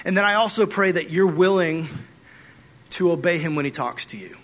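Retelling a Bible story, a young youth pastor gives a casual sermon to his youth group, animatedly acting out conversations with God. He speaks at a normal speed in a high voice.

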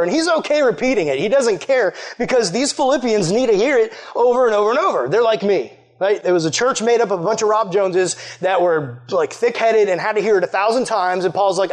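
A young man preaching to a youth group, his voice sitting notably high for a man. He speaks earnestly and conversationally, scattering fillers and throwing questions straight at his listeners. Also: expressive, a little fast, hardly any pauses. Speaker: youth pastor. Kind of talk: sermon.

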